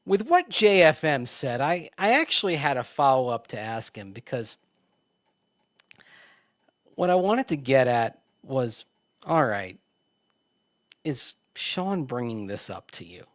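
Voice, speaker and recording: A man's voice: mid-range voice, very animated, measured pace, pauses often, no room sound, studio quality. A man co-hosting a sports radio show, chatting casually, laughing often and restarting his sentences. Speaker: sports radio co-host and team reporter.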